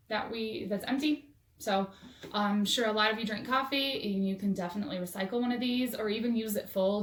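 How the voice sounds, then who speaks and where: A woman's voice: on the high side, background noise. A woman teacher showing a movement game on video, cheerful and chanting rhythmic cues for toddlers. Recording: echoey room, voice from far off.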